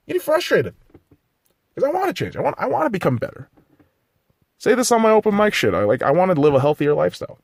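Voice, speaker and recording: A man's voice: very high voice, very animated, fairly quick, no echo, clean studio sound. A man hosting a solo podcast, ranting profanely and criticizing himself between blunt pep-talk asides. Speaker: podcast host.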